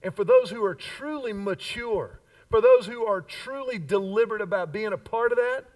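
A man's voice: high voice, moderate pace, a little mellow, far from the mic, low-quality recording. A man in his fifties preaching a sermon as pastor, with emphatic repeated lines and call-and-response. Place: church sanctuary.

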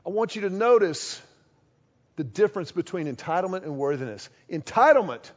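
Delivering his sermon briskly, a male pastor with a high voice lets his pitch swoop wildly. He animatedly acts out little quoted exchanges to drive points home, over audio that's somewhat dull and lo-fi.

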